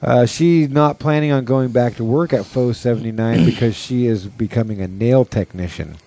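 A man hosts a loose podcast, swearing freely as he tells stories. His voice is mellow and mid-pitched, and he talks in a casual, animated way. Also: moderate pace, vocal fry. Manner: profane, animated storyteller. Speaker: podcast host. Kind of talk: casual chat.

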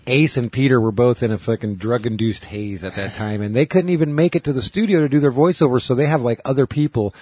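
A man's voice: medium pitch, fast talker, few pauses, warm tone, breathy edge, dry recording. A middle-aged man co-hosting a podcast, rambling through casual stories and swearing freely. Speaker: podcast co-host. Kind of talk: casual chat.

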